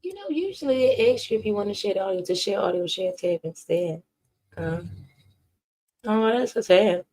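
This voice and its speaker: A woman hosting a celebrity gossip commentary, sassy and animated as she reacts. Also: mid-range voice, normal speed. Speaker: host.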